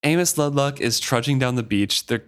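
A man co-hosting a book podcast, reading a novel aloud and discussing it in an animated, storytelling way. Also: medium pitch, normal speed, smooth. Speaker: podcast co-host.

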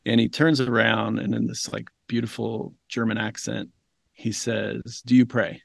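A physician and teacher, a man, earnestly telling a reflective story in a conversation, pausing often with ums. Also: on the low side, flat delivery, vocal fry, fairly bright tone, husky, no room sound, clean studio sound. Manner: earnest, thoughtful, with frequent ums and self-corrections. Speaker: physician and medical educator, podcast guest.

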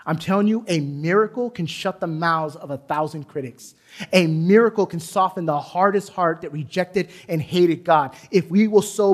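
A man preaching. His voice sits fairly high, and his talk moves between emphatic points and relaxed, chatty storytelling. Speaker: pastor. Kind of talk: sermon. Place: church sanctuary.

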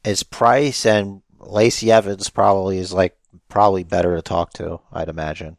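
Male co-host, gravelly with vocal fry, teasing and bossy, casual chat, dry close sound. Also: deep voice, level tone, normal speed, no echo. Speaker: podcast co-host.

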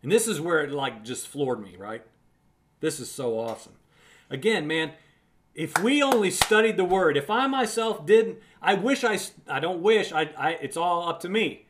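Preacher type, male, fairly high voice; fervent, conversational Bible teaching, leans on repetition. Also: lively intonation, normal speed. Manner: emphatic, repeats words for emphasis; conversational, addresses listener as friend.

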